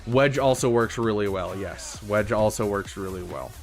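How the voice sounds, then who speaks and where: A man's voice: lowish voice, moderate pace, faint music behind. A man casually commenting on a live stream, thinking aloud with frequent fillers. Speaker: streamer reviewing game accounts.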